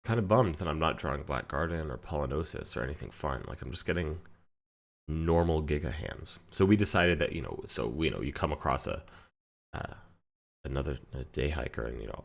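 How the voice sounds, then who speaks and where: A man casually commenting on his card game while telling a relaxed story, walking through each play step by step. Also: extremely low pitch, a little fast, vocal fry. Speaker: card game player and channel host. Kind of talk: casual commentary over gameplay.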